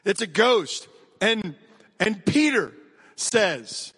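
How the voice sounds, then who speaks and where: An American man preaches a lively sermon in a fairly high voice, chatting straight at his listeners between points. His words ring out with a long reverb tail, as if spoken in a large hall. The delivery swings between quick bursts and slow, stressed phrases. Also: slightly rough. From United States. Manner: energetic, conversational preaching with direct asides to the congregation. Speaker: pastor.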